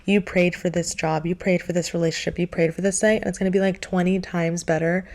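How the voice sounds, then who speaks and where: Gravelly-voiced young woman, earnest reassurance. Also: lowish voice, level tone, a little fast, darkish tone. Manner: earnest, repetitive, faith-filled reassurance. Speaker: vlogger. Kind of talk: casual encouraging monologue.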